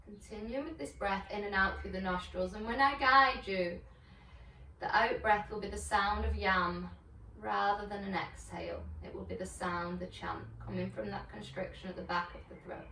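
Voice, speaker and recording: A woman teaching yoga, guiding breath and chanting in a slow, soothing, gentle way. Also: medium pitch, echoey room, far from the mic, a little hiss or hum. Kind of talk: guided yoga and meditation instruction. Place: home room on a video call.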